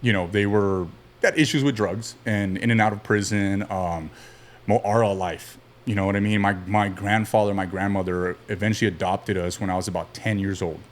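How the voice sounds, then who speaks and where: A man guest on a podcast, telling stories from his childhood in a relaxed, rambling way, with many fillers and restarts. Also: lowish voice, normal speed, a little hiss or hum. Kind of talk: casual storytelling interview.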